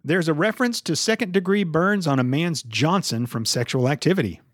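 A man's voice: a little high, brisk, no echo, studio quality. A man hosting a casual movie podcast, joking and swearing as he runs the segments. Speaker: podcast host.

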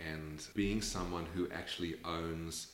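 An Australian man appears as an interview guest, musing thoughtfully and rambling with lots of fillers. His voice is low, steady and unhurried, and the recording sounds roomy and echoey.

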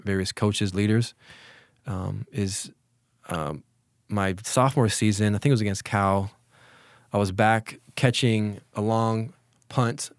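Guy in his 40s, low-ish voice, chill reflective storytelling, lots of restarts, dry sound. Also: no echo. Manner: relaxed, reflective, many restarts and fillers. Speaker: interview guest, former college football player. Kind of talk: casual storytelling in an interview.

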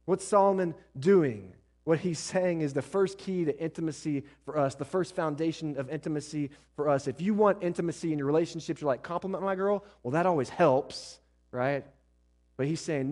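A man preaches to his congregation with a somewhat raised pitch. He builds to loud, pressing emphasis, then drops to a hushed, close tone. He keeps turning to the room with quick questions. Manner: preaching with rising and falling intensity, asks the congregation questions. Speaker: pastor. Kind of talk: sermon.

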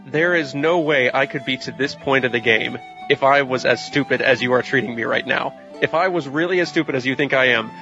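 Exasperated man ranting, bright lo-fi voice. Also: medium pitch. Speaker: podcast guest. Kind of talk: casual game critique. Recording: slightly dull lo-fi.

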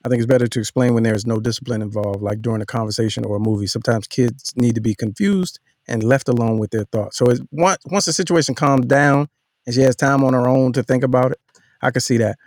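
A middle-aged man co-hosting a casual podcast chat, reading listener comments and telling animated stories. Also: mid-range voice, quick pace, dry recording, studio quality. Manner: animated storyteller, reads listener comments aloud. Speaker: podcast co-host.

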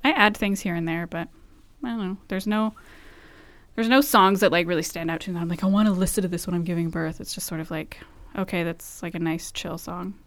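A woman co-hosting a podcast, telling stories in an animated way and swearing freely. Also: fairly low pitch, fairly quick, dry recording. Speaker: podcast co-host, expecting mother. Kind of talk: casual chat.

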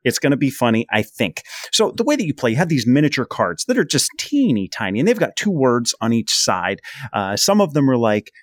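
A man's voice: mid-range voice, very animated, brisk, no echo. A man hosting a casual podcast chat, steering the conversation. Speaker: podcast host.

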